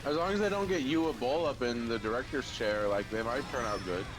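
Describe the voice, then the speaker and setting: A man's voice: medium pitch, brisk, music in the background, low-quality recording. A man on a game stream telling a rambling story, with casual swearing.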